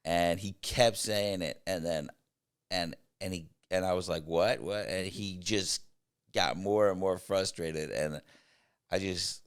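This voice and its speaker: Middle-aged guy hosting a podcast, real low voice, smooth, tells funny stories. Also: steady tone, slow pace. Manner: storytelling, laughs at his own stories. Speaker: podcast host. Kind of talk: casual chat.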